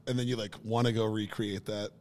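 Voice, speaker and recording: A man's voice: on the low side, fairly quick, long reverb tail. A man co-hosting a podcast, telling stories casually with lots of energy, cursing and laughing along the way. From Minnesota. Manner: animated storyteller, swears casually, laughs often. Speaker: podcast co-host. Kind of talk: casual storytelling chat.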